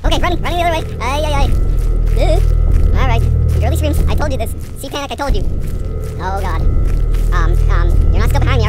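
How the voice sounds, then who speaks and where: A woman's voice: sits high, lively intonation, normal speed, long pauses. A woman playing a horror game for her channel, jittery and panicky, yelping and giggling nervously as she narrates. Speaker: gaming video creator. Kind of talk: horror game let's play. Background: loud creepy game music.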